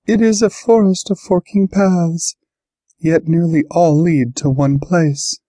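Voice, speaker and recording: A man's voice: on the high side, steady tone, slow, mellow, no room sound, studio quality, pitched above the performer's own voice. A man voicing a small cryptic tree-dwelling creature in an audiobook, speaking in riddles. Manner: cryptic, oracular.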